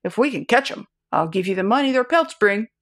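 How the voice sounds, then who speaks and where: A woman reading the lines of a gruff, guilty middle-aged farmer in a short story, curt and louder than her narration. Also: medium pitch, expressive, a little fast, natural voice. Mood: forced. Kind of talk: audiobook reading.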